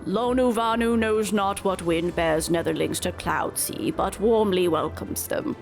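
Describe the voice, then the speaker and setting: Woman putting on a grateful bird-creature elder, deep and stately, slow broken phrasing, game music underneath. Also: vocal fry. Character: grateful male bird-folk village elder.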